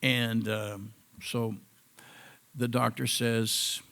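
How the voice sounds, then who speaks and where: A man's voice: medium pitch, flat delivery, very slow, creaky, pushed and bright. A man giving a personal testimonial to a live audience, in a conversational storytelling manner that wanders off on side notes. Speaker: cancer survivor giving a testimonial.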